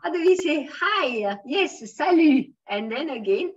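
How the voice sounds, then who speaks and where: Speaking at a measured pace, a Swiss woman with a high, expressive voice leads an online French class for beginners. She moves between English and French, fills pauses often and keeps encouraging the students. The audio is dull and sounds captured from a distance.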